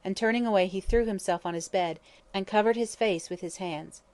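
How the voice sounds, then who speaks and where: A woman narrating a classic mystery novel in measured, expressive storytelling. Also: medium pitch. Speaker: audiobook narrator. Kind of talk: scripted narration.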